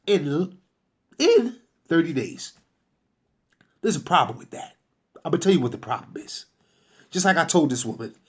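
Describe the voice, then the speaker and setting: Emphatic husky man with a lively voice. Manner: emphatic and preachy, pitch jumps up when making a point. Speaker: credit repair business owner. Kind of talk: talking to camera about a client.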